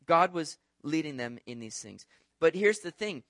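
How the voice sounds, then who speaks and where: A man, a pastor, preaching a sermon in an animated, conversational way, with frequent rhetorical asides to the congregation. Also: fairly high pitch, normal speed, dry recording, clean studio sound.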